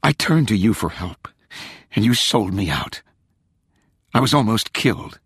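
A man's voice: fairly low pitch, animated, unhurried, fairly bright tone, husky, no echo, studio quality, exaggerated voice. A man reading an audiobook, voicing a young woman who angrily confronts her scheming father. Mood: angry, pleading. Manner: urgent, accusing, raised voice. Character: young woman, defiant and furious daughter.

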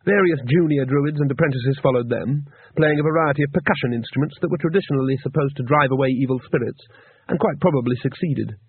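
A man reading a story aloud in a dry, measured storytelling manner. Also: medium pitch, slightly rough, no echo. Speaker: narrator. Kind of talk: audiobook narration. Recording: tinny narrow-band recording.

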